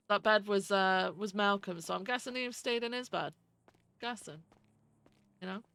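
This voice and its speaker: Gravelly bright-voiced woman streamer. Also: mid-range voice, a little slow, no echo. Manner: swears freely, greets chat one by one. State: feels she is losing her voice. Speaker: streamer playing a police lieutenant. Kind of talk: casual live-stream chat and role-play.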